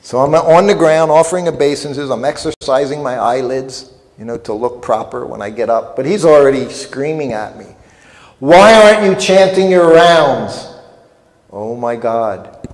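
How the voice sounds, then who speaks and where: A man's voice: medium pitch, normal speed, a little mellow. Older man telling humorous stories. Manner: self-deprecating, humorous, anecdotal. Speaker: festival speaker. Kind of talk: storytelling lecture. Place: festival hall. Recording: long reverb in a hall.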